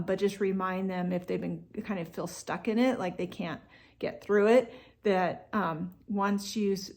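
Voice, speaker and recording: A woman coaching parents in a relaxed, conversational way, with frequent fillers and restarts. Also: medium pitch, gravelly. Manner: acts out what parents and kids say. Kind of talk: instructional talk to parents.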